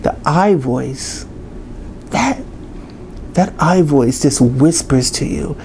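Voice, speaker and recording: A man's voice: a little high, expressive, takes it slowly, creaky, a little mellow, slight background noise. A man giving a motivational talk to camera, emphatic and repetitive in a pep-talk manner. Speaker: motivational speaker.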